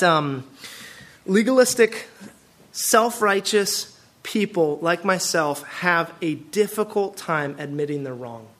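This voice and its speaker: A man from the Pacific Northwest of the US preaching a sermon as a pastor, animated and full of rhetorical questions. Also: high voice.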